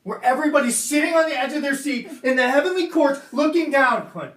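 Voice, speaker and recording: High-voiced preaching man, roomy and distant. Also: animated, brisk, few pauses. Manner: conversational preaching, quoting God in a hushed lower voice. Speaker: pastor. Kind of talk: sermon. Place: church meeting room. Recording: roomy sound from a distant mic.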